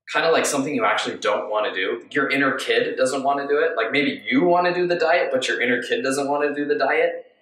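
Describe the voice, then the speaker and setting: A man giving a reflective self-help talk on mindful eating, musing gently and asking rhetorical questions. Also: medium pitch, slight background noise. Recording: echoey room, distant from mic.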